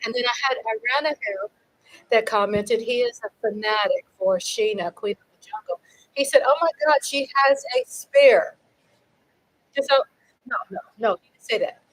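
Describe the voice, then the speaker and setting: Lively woman hosting a chatty livestream. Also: moderate pace, low-quality recording. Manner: lively, chatty, swings from loud cheering to low asides. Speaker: livestream host. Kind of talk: casual livestream chat.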